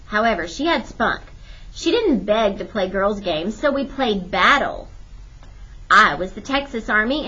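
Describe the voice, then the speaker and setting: A woman narrating a children's historical novel in steady, clear audiobook storytelling. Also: medium pitch. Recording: dull lo-fi recording.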